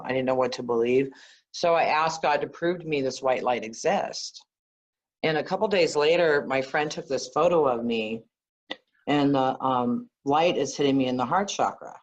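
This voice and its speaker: A woman guest, an energy healer, telling stories in a conversational interview, animated and often laughing. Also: rumbling low, lo-fi sound. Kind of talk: conversational storytelling.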